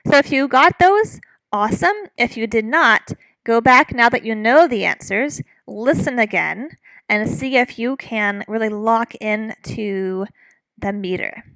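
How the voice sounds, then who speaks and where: Woman music instructor, slow unhurried delivery, fairly high voice, dry close sound, patient explaining. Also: a bit bright, dry recording, rough recording. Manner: patient, explanatory, with frequent fillers. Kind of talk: recorded online lecture.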